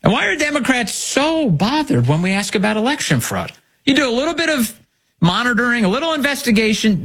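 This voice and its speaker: A man's voice: extremely high pitch, very animated, a little fast, fairly bright tone, slightly rough. A man hosting an opinionated political commentary show, sarcastic and full of rhetorical questions. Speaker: host.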